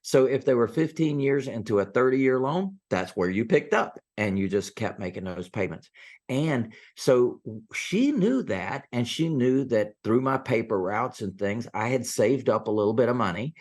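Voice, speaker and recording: A man's voice: mid-range voice, moderate pace. A man in his sixties, a real estate investor guest, telling stories and acting out the quotes of people in them. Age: 60s. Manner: animated storyteller, acts out quotes. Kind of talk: storytelling interview.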